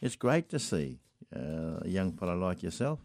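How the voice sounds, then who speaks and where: A man's voice: low-pitched, very animated, normal speed, no echo, clean studio sound. A middle-aged Australian man hosting a casual interview, encouraging and chatty, calling his guest mate. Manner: warm encouraging banter, says mate. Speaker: radio station host.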